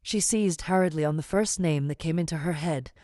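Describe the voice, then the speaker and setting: Low-voiced woman narrating an audiobook. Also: brisk, warm tone, no room sound, studio quality. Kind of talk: scripted narration.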